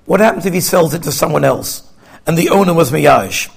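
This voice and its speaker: Gravelly-voiced man giving an earnest sermon. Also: fairly high pitch, animated, a little fast. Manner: earnest, explanatory, translating Hebrew phrases as he goes. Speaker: rabbi giving a Torah talk.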